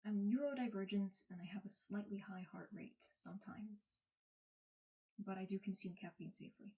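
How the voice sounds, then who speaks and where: A woman's voice: mid-range voice, brisk, a little mellow, distant mic. A woman in her twenties chatting casually with her live stream chat, rambling from topic to topic. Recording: roomy sound, away from mic.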